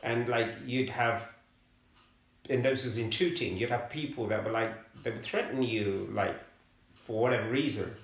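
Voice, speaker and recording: A middle-aged man from London recalls his life in a relaxed interview. He speaks in a halting way, often repeating a word before going on. His voice sits at a middle pitch, and the room around him gives it a roomy echo. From London, England. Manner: halting, repeats words while searching for them. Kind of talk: conversational life story.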